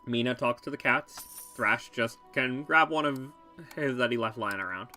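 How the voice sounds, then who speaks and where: A man hosting a let's play, giving relaxed, chatty gameplay commentary and laughing easily. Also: medium pitch, moderate pace. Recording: game music behind.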